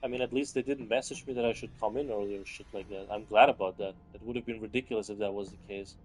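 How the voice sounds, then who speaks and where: A man's voice: fairly even intonation, quick pace, low-quality recording. Profane young man ranting over gameplay. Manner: profane ranting, swings from loud outbursts to low muttering. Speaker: streamer playing a game. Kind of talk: casual gameplay commentary.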